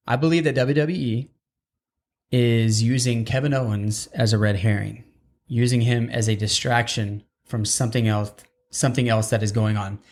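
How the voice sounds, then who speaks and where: A man's voice: mid-range voice, steady tone, moderate pace, a little mellow. A man hosting a casual wrestling podcast, talking in long, rambling, digressive stretches. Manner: rambling, digressive, restarts often. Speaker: podcast host.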